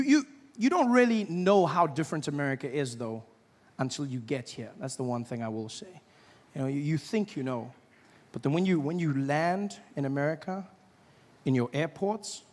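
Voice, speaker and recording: A man from South Africa doing stand-up comedy, acting out shouting officials in animated voices. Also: on the high side. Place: stage before a live audience. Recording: live show with audience noise.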